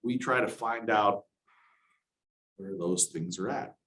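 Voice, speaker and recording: A man's voice: on the low side, takes it slowly. Candid middle-aged man in an echoey room. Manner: candid, conversational, with dry dark humor. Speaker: university accessibility office director. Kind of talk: workshop presentation. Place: presentation room with an audience.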